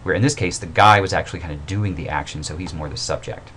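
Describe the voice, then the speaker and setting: A man with a very low voice walks through a grammar lesson in a loose, conversational way. He pauses on fillers and corrects himself as he goes. A faint hiss sits under the recording. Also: fairly bright tone. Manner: informal and explanatory, with fillers and self-corrections. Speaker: writing instructor. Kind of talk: recorded mini-lecture.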